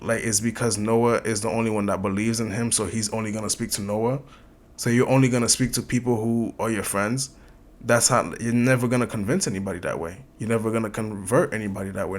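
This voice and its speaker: Male reaction host, low voice, rapid-fire incredulous questions, casual commentary. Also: fairly even intonation.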